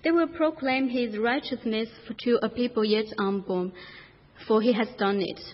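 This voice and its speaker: A woman reads scripture in a steady, measured way, her voice pitched a little high. The sound is dull and lo-fi, carrying a long hall reverb. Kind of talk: scripture reading.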